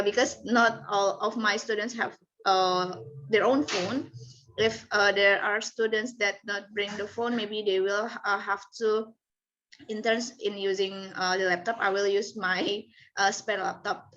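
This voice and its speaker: A woman, a junior high English teacher, explaining her class plan in an online class with halting fillers. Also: a bit bright. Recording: muffled audio with faint noise.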